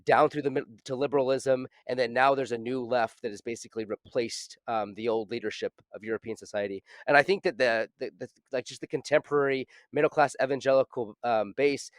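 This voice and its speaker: A man's voice: mid-range voice, steady tone, no room sound. Thoughtful man with a dry sound. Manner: thoughtful, halting, with many fillers. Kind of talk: casual podcast discussion.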